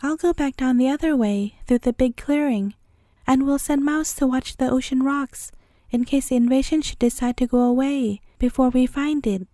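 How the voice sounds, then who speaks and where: A woman's voice: high voice, fairly even intonation, normal speed, mellow, dry recording, clean studio sound, lightly acted. A woman voicing a nosy, suspicious male wild boar in a storybook, gossiping and scheming.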